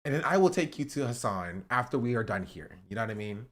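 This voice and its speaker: A young male streamer talks casually to his chat, pleading and joking, and he repeats himself often. His pitch swings widely and stays lively. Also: quick pace. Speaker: livestreamer.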